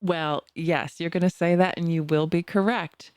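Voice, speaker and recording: A bubbly woman in her sixties with a Boston accent co-hosts a podcast in easy casual chat, laughing often. Her voice sits a little low for a woman, recorded close and dry. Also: fairly even intonation, moderate pace, a little mellow, dry recording. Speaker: podcast co-host.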